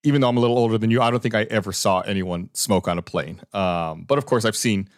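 Middle-aged guy hosting a pod, a bit hoarse, chatty with lots of ums, dry mic. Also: fairly low pitch, fast, no room sound. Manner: relaxed, lots of fillers and restarts. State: hoarse, recovering lost voice. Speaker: podcast host. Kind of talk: casual podcast chat.

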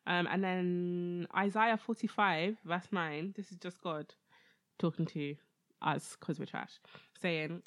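A woman's voice: lowish voice, dry recording, clean studio sound. A woman chatting casually as a podcast co-host, explaining Bible verses in an emphatic, mock-scolding way.

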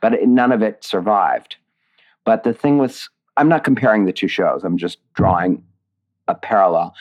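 A man's voice: lowish voice, normal speed, dull audio. A man being interviewed about his writing, talking expressively and digressively with many restarts. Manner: expressive, digressive, emotional at times. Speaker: author and lyricist. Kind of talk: interview conversation.

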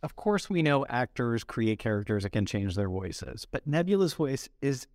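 A man's voice: medium pitch, sing-song, moderate pace, darkish tone, dry recording, clean studio sound. A man co-hosting an interview, asking casual questions with upbeat, enthusiastic reactions. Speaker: podcast co-host.

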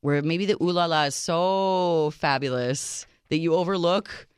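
A woman's voice: fairly low pitch, a little slow, clean tone, no room sound, studio quality. A woman co-hosting a late-night radio dating show, playful and teasing as she reads listener emails and chats with her co-host. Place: radio studio. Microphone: studio microphone.

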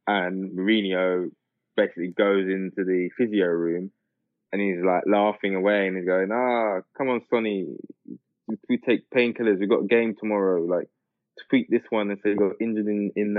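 A man's voice: sits low, no room sound. A man co-hosting a podcast, chatting casually about football, rambling with lots of fillers and restarts. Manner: rambling, many fillers and restarts, laughs often. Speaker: podcast co-host. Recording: tinny phone-like line.

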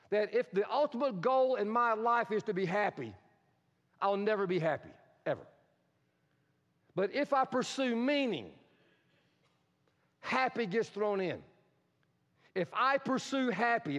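Animated male pastor preaching in a hall. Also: high-pitched. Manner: animated preaching, acts out quotes. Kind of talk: sermon. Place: church sanctuary. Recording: dull sound in a hall with long reverb.

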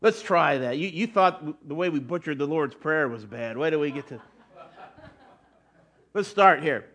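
A man's voice: a little high, lively intonation, unhurried, a bit bright. A middle-aged man preaching a sermon in a conversational way, often restarting and adding asides. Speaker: pastor.

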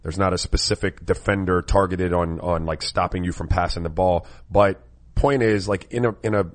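A former basketball player co-hosting a casual sports talk show, keeping the conversation moving. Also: male voice, deep voice, fairly even intonation, moderate pace. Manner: conversational, moves the segments along.

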